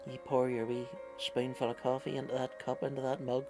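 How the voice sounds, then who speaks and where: A man, putting on a slightly raised, chatty pitchman voice with sweary patter. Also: monotone, brisk, music in the background, close to an everyday voice. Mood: playful patter. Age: 30s. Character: cheeky swearing male pitchman, matey and rambling.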